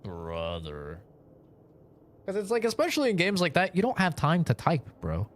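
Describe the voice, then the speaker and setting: A man's voice: high-pitched, wildly swooping pitch, quick pace. A man streaming a game who chats casually, rambling and swearing often. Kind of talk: casual chat while gaming.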